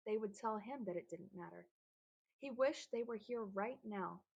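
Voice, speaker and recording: A woman narrating a children's storybook in a gentle, even reading voice. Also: mid-range voice, creaky, slightly rough, poor audio. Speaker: audiobook reader.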